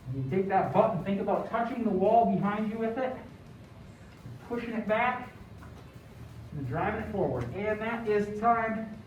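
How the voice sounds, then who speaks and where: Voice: mid-range voice, lively intonation, normal speed, long pauses, darkish tone, a little hiss or hum. A fitness instructor coaching a home workout in an encouraging way, counting down between exercises. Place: large echoey room, broadcast workout. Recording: echoey room, distant dull mic.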